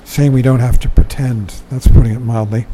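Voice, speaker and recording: A man's voice: mid-range voice, steady tone, fairly quick, dark tone, slight background noise, rough recording. An older man giving a dharma talk, reading from a book and commenting in a conversational way, often chuckling and saying "you know".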